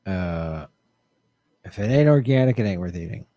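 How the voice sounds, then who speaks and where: A man hosting a casual livestream, answering viewer questions with animated commentary and mocking voices. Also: sits low, normal speed, dry recording, clean studio sound. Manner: animated, jumps between mocking voices and mutters.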